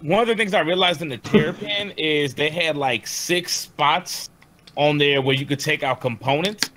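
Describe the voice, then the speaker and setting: A man with a bright, sharp-edged voice, sitting slightly high, rambles through a casual gaming chat. He tosses in jokes as he goes. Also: moderate pace, a little hiss or hum.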